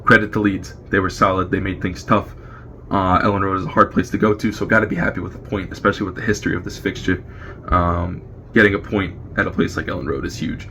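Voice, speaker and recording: A man from New Jersey with an American accent, giving a brisk, opinionated fan review recorded on video. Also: low voice, fairly even intonation, gravelly, sharp tone, a little hiss or hum. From New Jersey, USA. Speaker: fan contributor.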